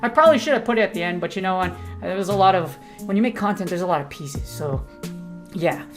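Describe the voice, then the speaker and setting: A woman's voice: on the low side, animated, fast talker, faint music behind. A woman, a gaming content creator, giving hyped, slangy, joking commentary over her own battle gameplay.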